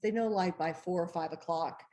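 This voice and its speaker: This woman, an author being interviewed, recounts a story with lots of excitement and frequent laughter, performing the remembered dialogue. She has a lowish voice and talks at a normal speed.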